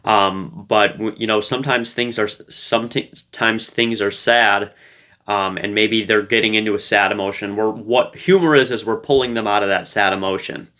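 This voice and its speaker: A man's voice: fairly low pitch, fairly even intonation, normal speed, pushed and bright. A man giving casual relationship advice to camera, talking in a loose, playful way with lots of fillers. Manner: loose and conversational, full of fillers; playful, light-hearted.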